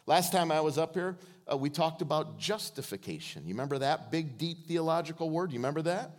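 Male guest preacher, light-pitched, playful, church sermon with call-and-response. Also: animated, fairly quick. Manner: joking, calls on the congregation to respond.

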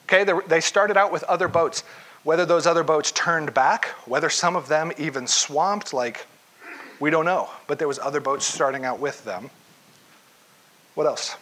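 A man preaching a conversational sermon to a group, asking questions and acting out quotes as he goes. His voice is bright and sits a touch high for a man. He talks in a loose, casual way, with fillers like "like" and "you know". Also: moderate pace. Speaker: pastor. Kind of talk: interactive sermon.

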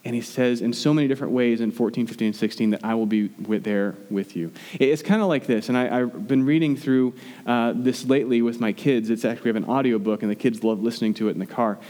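A man's voice: mid-range voice, fast talker, dark tone. A man in his thirties preaching a sermon in a conversational way, often restarting his sentences. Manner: conversational, with frequent restarts and fillers. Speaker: pastor. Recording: long hall reverb.

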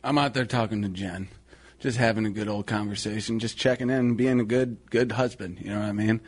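A man's voice: fairly low pitch, steady tone, fairly quick, darkish tone. A man co-hosting a radio talk show, telling an eager, laugh-filled story about meeting someone he admires. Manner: giggly, eager storyteller who laughs through his own tale. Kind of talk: casual comedic storytelling.

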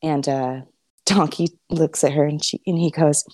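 A woman with a very low, mellow voice chats about a favorite movie on a podcast. She is chatty and easygoing, and the sound is dry and close. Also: steady tone, moderate pace, no room sound. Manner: chatty, uses many fillers. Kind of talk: casual movie discussion.

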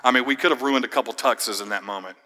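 A man's voice: medium pitch, quick pace, pushed and bright, long reverb tail. A young man preaching a sermon, telling a personal story in a casual, friendly way. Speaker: pastor.

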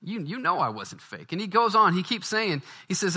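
A man preaches in a lively, conversational way, his voice rising and falling widely. The tone is bright and forceful, pitched a bit high for a man. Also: moderate pace, hardly any pauses. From Baton Rouge, Louisiana, US. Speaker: pastor. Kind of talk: sermon.

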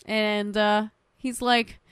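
A woman co-hosting a podcast, animated and swearing freely as she acts out quotes. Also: mid-range voice, drawn-out words, smooth, no room sound, clean studio sound. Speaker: podcast co-host. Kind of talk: casual recap chat.

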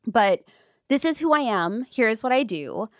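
A young woman hosting a podcast, telling stories in an animated, gushing way during a casual interview. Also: a little high, a little slow, no echo, clean studio sound. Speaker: podcast host.

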